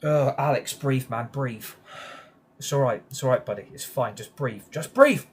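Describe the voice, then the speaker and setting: A man's voice: mid-range voice, moderate pace, a little mellow, slight background noise. A young British man streaming a racing game, chatting casually, grumbling and swearing when frustrated. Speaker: gaming streamer. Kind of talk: live gameplay commentary.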